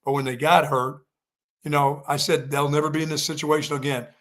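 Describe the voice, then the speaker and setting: A man's voice: on the high side, level tone, fairly quick, a bit bright. A man co-hosting a sports talk show, chatting casually in a rambling, folksy way that often repeats itself. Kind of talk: casual sports radio chat.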